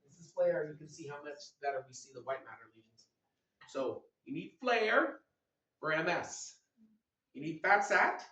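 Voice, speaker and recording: Energetic man lecturing in an echoey hall. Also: fairly high pitch, dull audio. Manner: energetic, teasing, asks the audience questions. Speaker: lecturer at a medical workshop. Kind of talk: lively medical lecture. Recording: echoey hall recorded from a distance.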